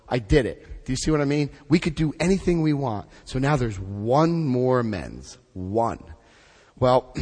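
A man telling his recovery story in a large hall, animated and acting out the dialogue. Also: husky. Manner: animated, acts out dialogue with big pitch jumps. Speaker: recovery speaker. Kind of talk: personal storytelling talk. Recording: echoey hall.

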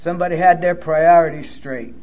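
A high-pitched man recounts his own story in a blunt, profane way that turns emotional. The recording is a little dull and lo-fi, like a modest room capture. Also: steady tone, fairly quick. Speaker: speaker sharing his recovery story. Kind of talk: personal testimony storytelling.

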